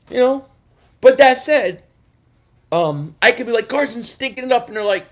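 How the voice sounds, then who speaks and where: A man's voice: sits high, animated, normal speed. A man from the area hosting a fan livestream, ranting in a frustrated, rambling way and reading viewer comments. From Philadelphia area. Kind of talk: casual livestream rant reading chat.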